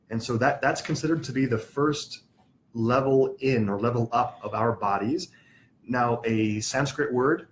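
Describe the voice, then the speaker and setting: A man's voice: mid-range voice, slight background noise. A man teaching a spiritual class, patiently explaining terms, spelling words out and asking the class questions.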